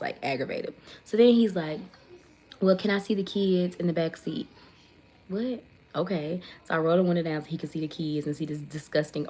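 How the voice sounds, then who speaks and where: Chatty woman telling a story. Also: fairly low pitch. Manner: chatty, animated retelling, reads viewer comments aloud. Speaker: livestream host. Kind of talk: casual storytelling livestream.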